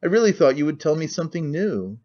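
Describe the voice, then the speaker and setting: A man's voice: a little high, sing-song, fast talker, pitched above the performer's own voice. A man voicing a cynical, talkative middle-aged nobleman who rambles with languid candor, on a muffled lo-fi recording.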